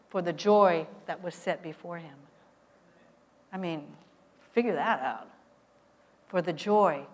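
Middle-aged woman preaching, storytelling, gets loud then drops soft. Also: medium pitch. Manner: animated storytelling with emphatic swings in loudness. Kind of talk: sermon.

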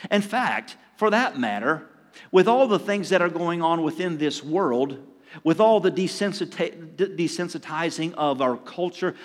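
An older pastor preaches in a chatty, storytelling way, now and then acting out his own asides. His voice sits high for a man. It carries the long reverb of a church hall. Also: animated, a little slow. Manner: conversational preaching with acted asides and chuckles. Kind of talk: sermon. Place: church sanctuary.

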